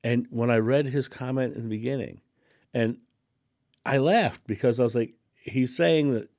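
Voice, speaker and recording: A man's voice: medium pitch, normal speed, a little mellow, no room sound, studio quality. A man hosting his own channel, speaking straight to camera in a casual, emphatic monologue, repeating phrases for stress and laughing often. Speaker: channel host, spiritual speaker.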